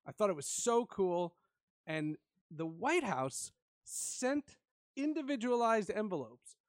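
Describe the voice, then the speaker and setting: Animated man telling a laughing story. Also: sits high, slow pace, no room sound, studio quality. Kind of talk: casual storytelling chat.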